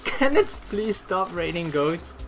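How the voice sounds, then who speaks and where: An excitable gamer narrates their own play with a voice that leaps up and down in pitch, swearing and laughing at the chaos. They talk at an unhurried, drawn-out pace. Clear game music plays underneath. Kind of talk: gameplay commentary.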